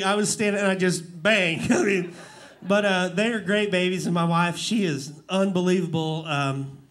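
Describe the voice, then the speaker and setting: Rodeo clown in his forties, high voice, rambling and quick to laugh, live before an audience. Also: a bit bright. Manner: emotional, laughing, rambling storyteller. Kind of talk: casual talk-show storytelling.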